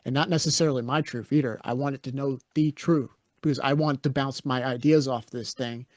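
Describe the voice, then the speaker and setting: A man's voice: mid-range voice, fairly even intonation, brisk, no echo, clean studio sound. A man co-hosting a podcast, chatting casually and telling stories in a blunt, opinionated way. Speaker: podcast co-host.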